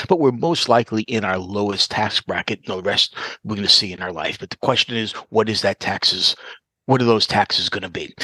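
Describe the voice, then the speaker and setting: Male advisor guest, lowish voice, dry sound, patient explanatory manner. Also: pushed and bright, breathy edge, no room sound. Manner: explanatory, walks through examples step by step. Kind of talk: interview answers.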